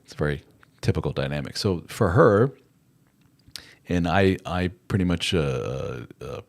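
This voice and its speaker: A middle-aged man with a very low, deep voice hosts a live chat. He rambles conversationally and drifts easily into acted-out quotes. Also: animated, measured pace, creaky. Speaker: host. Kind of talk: live chat advice talk.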